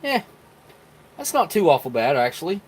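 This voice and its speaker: A man's voice: fairly high pitch, sing-song, normal speed, breathy edge. A man hosting a live stream, chatting casually and folksily to viewers as he tastes and mixes food and drinks. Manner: chatty, folksy, talks to viewers while tasting. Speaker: live stream host reviewing military rations.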